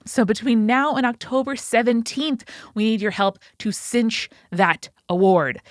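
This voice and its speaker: A woman hosting a podcast, reading sponsor news and announcements in an excited, slightly breathless way. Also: medium pitch, no echo, studio quality. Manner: excited, fast, a little out of breath. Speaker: podcast host. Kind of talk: upbeat sponsor and announcements read.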